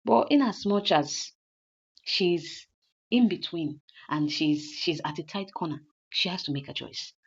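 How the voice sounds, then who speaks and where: Husky low-voiced woman recapping a story, chatty and repetitive, dull lo-fi sound. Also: animated, unhurried. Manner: retells a story in loose conversational narration, repeating lines. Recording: dull lo-fi recording.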